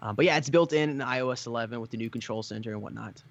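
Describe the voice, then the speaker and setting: A man's voice: medium pitch, rapid-fire, dull audio. A man co-casting a mobile esports match, chatting casually and rambling between plays, a bit tired. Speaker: co-caster and mobile gaming YouTuber. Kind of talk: live casual commentary.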